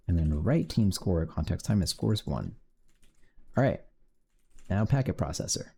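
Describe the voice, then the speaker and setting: A man's voice: low voice, sing-song, moderate pace, gravelly, pauses often, warm tone, slightly rough. A man streaming his game development, muttering to himself while coding and cursing when things break. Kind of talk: casual live-coding commentary.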